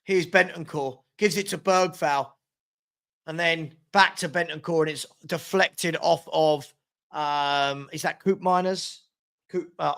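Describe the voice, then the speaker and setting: A man's voice: a little high, fairly bright tone. A man hosting a live football watchalong, calling the play and groaning at his team while chatting to viewers by name. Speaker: watchalong host.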